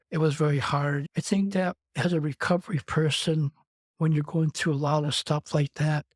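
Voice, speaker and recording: A man's voice: on the high side, dry recording. A man from Wisconsin telling his personal story as an interview guest, in a rambling, conversational way that strings clauses together with "and". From Wisconsin, USA.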